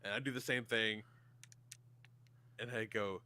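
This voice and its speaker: A man's voice: lowish voice, unhurried, no echo. A man in his thirties co-hosting a podcast, telling stories and acting out the quotes, swearing freely. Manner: animated storyteller, acts out quotes, swears a lot. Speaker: podcast co-host. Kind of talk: casual chat.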